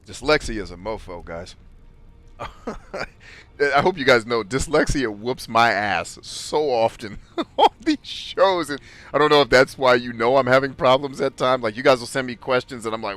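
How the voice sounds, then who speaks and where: A man's voice: mid-range voice, lively intonation, moderate pace, a bit bright. A middle-aged man hosting a podcast, talking in a blunt, profane, emphatic way in casual chat. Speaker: podcast host.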